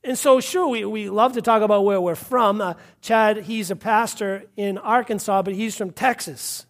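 A man's voice: sits high, normal speed. A man from Massachusetts preaching a fervent sermon, repeating points and calling out hallelujahs. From Massachusetts, USA. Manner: fervent, repetitive, punctuated with hallelujahs.

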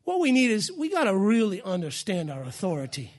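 A man preaching a sermon as pastor, fiery and emphatic, shouting and repeating his phrases in a church. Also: high voice, huge pitch swings, brisk.

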